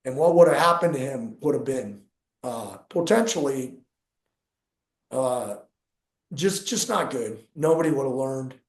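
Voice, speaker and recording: A man's voice: medium pitch, a little slow, long pauses, reverberant. A middle-aged man, a jiu-jitsu coach and podcast co-host, telling stories in casual talk and acting out what people said. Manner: animated, acts out dialogue in his stories. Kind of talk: casual storytelling.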